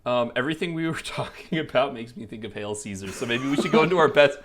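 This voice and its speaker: A man's voice: medium pitch, quick pace, fairly bright tone, slight background noise. Laughing, jokey male podcast co-host. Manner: jokey, rambling, laughs often. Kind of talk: casual film chat. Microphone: headphones, home podcast setup.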